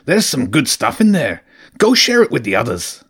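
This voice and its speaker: A man's voice: mid-range voice, huge pitch swings, normal speed, fairly bright tone, husky, exaggerated voice. A man reading an audiobook voices a sly, joking male rat mercenary with a wry, teasing manner. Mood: urging. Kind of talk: audiobook character voice.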